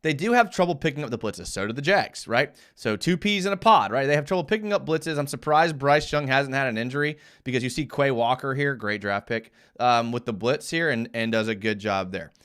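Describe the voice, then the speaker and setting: A young man hosting a live fan show, giving casual football commentary over game film with animated, fired-up rants full of restarts. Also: medium pitch, a little fast, hardly any pauses, clean tone.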